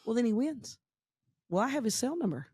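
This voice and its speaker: A woman's voice: a little high, brisk, husky, no echo, clean studio sound. A woman, a nonprofit founder telling her story in a casual interview and acting out the voices of the people in it. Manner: lively storyteller acting out quotes.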